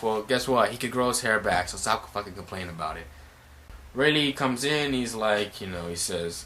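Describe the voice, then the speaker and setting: Excitable, rambling male manga reviewer. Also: mid-range voice, moderate pace. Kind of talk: casual video review.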